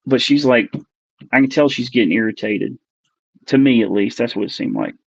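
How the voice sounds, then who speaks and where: Earnest halting man in his forties. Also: mid-range voice, expressive, vocal fry, breathy edge, dry recording. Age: 40s. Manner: earnest, halting, searching for words. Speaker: podcast guest. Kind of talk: recounting a personal experience. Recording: dull, lo-fi dry recording.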